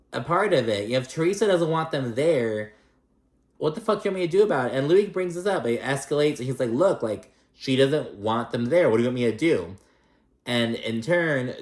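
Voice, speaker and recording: A man casually recapping a reality show, swearing freely and acting out what the cast members said. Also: mid-range voice. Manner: profane, animated, acts out quotes. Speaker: host. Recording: echoey room.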